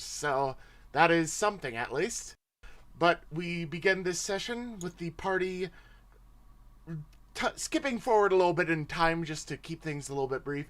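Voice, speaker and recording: A man hosting and narrating a tabletop game on a livestream, casual and chatty. His voice sits a little high. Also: a bit bright. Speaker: game master, host.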